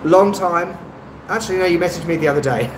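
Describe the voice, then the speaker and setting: Talking at a quick pace in a high-pitched voice, a man hosts a casual live-stream chat and answers viewer comments hesitantly and ramblingly, with many ums and self-deprecating asides. The phone-on-stabilizer recording is roomy, with a noisy background.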